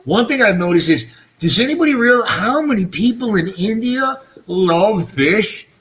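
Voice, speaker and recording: A man's voice: high-pitched, expressive, normal speed, a bit bright. A middle-aged man hosting a casual fish-keeping livestream, rambling and self-mocking, swearing freely, his speech shaped by missing front teeth. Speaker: fish-keeping channel host.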